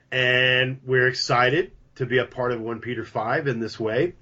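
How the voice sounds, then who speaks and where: A chatty man talks easily as a podcast guest, mid-pitched and casual, with a pitchman's bounce. His voice comes through a dull, slightly lo-fi recording. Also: sharp tone. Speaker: podcast guest, coffee company founder. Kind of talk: casual interview talk. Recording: dull lo-fi sound.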